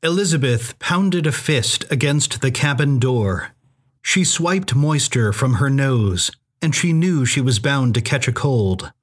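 A man reading a suspenseful story aloud as narrator, in a measured audiobook style. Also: medium pitch, expressive, breathy edge. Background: music.

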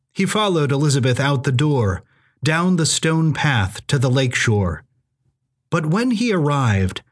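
A man reading a suspenseful story aloud as narrator, in a measured audiobook style. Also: medium pitch, breathy edge. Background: music.

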